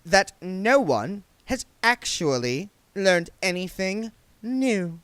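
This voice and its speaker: A haughty young witch speaks in a raised, drawn-out voice, each word slow and cutting. A man reads her aloud. It's a close, dry storybook recording. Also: high voice, very animated, a bit bright, clean tone, dry recording, voice pushed up, exaggerated voice.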